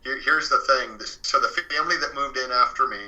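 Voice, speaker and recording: A man's voice: mid-range voice, brisk, pushed and bright, poor audio. A man talking as an author and interview guest, telling his story in earnest, with many fillers and restarts.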